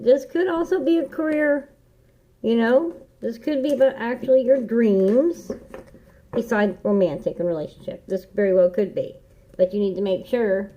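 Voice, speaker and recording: A woman's voice: mid-range voice, dark tone. A woman giving a casual tarot reading, talking in an earnest, encouraging way and repeating key phrases like a mantra. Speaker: tarot reader. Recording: dull lo-fi home recording.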